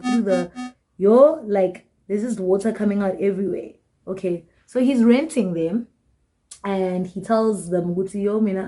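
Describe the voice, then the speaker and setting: A young woman telling a storytime tale in casual, slangy chat, acting out the people she quotes. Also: lowish voice. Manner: animated, slangy, acts out quoted voices. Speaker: storytime vlogger.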